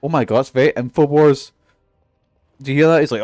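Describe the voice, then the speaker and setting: A man's voice: mid-range voice, fairly quick, darkish tone, no echo, studio quality, faint music behind. A Scottish man streaming a video game, chatting casually in a profane, joking, rambling way.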